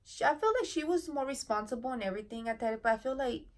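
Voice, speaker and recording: A woman in her thirties tells an emotional story in a vlog, near tears, soft-spoken and halting with many fillers. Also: high-pitched, expressive. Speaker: family vlogger.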